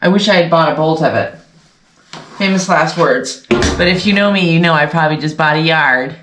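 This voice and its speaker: A woman's voice: low-pitched, normal speed, a bit bright. A woman hosting a casual sewing vlog, chatting to viewers in a rambling way, often correcting herself, and sounding congested. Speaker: sewing channel host. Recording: echoey room.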